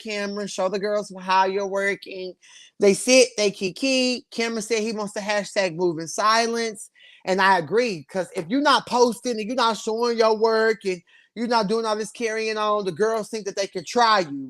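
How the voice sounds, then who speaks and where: A man hosting a live stream, reviewing a reality show in sassy slang. He talks casually to his viewers and laughs often. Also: moderate pace. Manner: sassy, slangy and animated, swinging between loud bursts and low asides; laughs often while talking.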